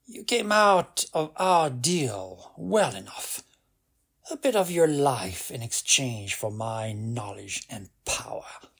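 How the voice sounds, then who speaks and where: A man's voice: medium pitch, big pitch swings, slow, gravelly, fairly bright tone, husky, full character voice. A man reading as a sneering undead archmage. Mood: smug. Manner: sneering, coldly dismissive. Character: sneering evil undead old male archmage. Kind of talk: audiobook reading.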